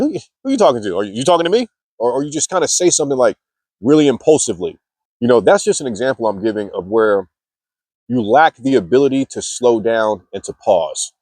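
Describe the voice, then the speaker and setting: A man coaching others on self-improvement in an easygoing, conversational talk to camera, steadily checking in with "okay" and "man." His voice sits at an ordinary middle pitch. The sound is dry and close, with no room around it. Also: a little mellow, no room sound. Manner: conversational, many fillers like "okay" and "man", acts out quoted reactions. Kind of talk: casual motivational talk to camera.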